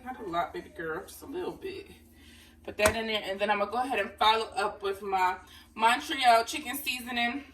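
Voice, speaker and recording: Recorded from a distance, a woman with a mid-range voice cooks dinner and chats with her viewers, calling them honey. It's a casual cooking vlog from her home kitchen, and faint room noise accompanies her off-mic voice.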